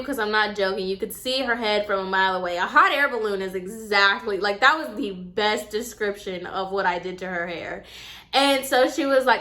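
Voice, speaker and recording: Bright-voiced young woman telling a storytime. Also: fairly high pitch, unhurried. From Puerto Rican heritage. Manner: chatty, animated, addresses viewers as y'all, acts out quotes. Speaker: vlogger. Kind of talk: casual storytime.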